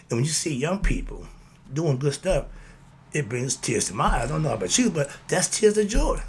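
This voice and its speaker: A male host speaks in a mid-range voice over a slight hiss or hum. His monologue motivates listeners toward spiritual living, rolling along in a preachy rhythm as he returns to his catchphrases again and again.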